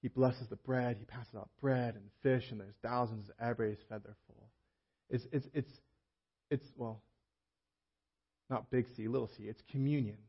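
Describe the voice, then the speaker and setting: A man's voice: medium pitch, steady tone, normal speed, long pauses, slightly rough. A male pastor giving a conversational sermon, often slipping into quoted voices of the people he describes. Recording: muffled lo-fi sermon audio.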